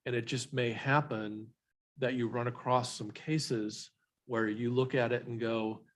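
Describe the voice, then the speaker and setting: Male commissioner; low, even delivery, thinks things through. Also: low-quality recording. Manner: measured, reasoning aloud. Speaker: commission member. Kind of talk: meeting discussion.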